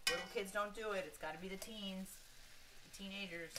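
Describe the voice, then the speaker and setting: A woman's voice: medium pitch, brisk, noisy background. A woman hosting a casual cooking live stream, talking in a chatty, slangy way and laughing often. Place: home kitchen. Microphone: camera held by someone else. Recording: echoey kitchen from far off. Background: frying and sizzling.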